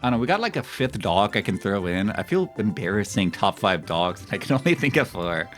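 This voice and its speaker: A man in his thirties with a low-pitched voice rambles casually to his stream viewers. His pitch swings widely as he gets animated and laughs along with his own stories. Soft music plays faintly behind him. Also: a little fast. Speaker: live streamer.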